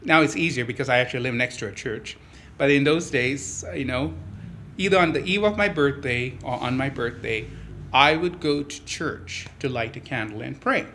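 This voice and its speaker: A male priest with a bright, forceful voice recounts a story in an interview. He is lively and animated, and he laughs easily between sentences. His pitch sits in the middle range for a man. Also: moderate pace, slight background noise. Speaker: Catholic priest, pastor.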